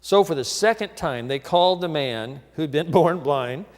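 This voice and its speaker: A male pastor preaching a sermon, telling the story lively and acting out the people in it. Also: fairly high pitch, normal speed, long reverb tail. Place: church.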